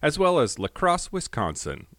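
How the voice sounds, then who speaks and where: A man co-hosting a casual podcast chat, giggly and riffing, sometimes jumping into high squeals. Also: wildly swooping pitch, moderate pace, noisy background. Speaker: podcast co-host.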